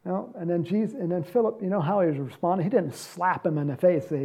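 A man preaching a sermon and leading a closing prayer, animated, acting out scenes and laughing often. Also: sits high, quick pace, vocal fry, hardly any pauses, slightly rough.

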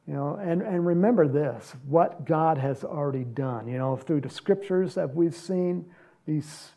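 A man preaching a sermon and leading a closing prayer, animated, acting out scenes and laughing often. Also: a little high, creaky, husky.

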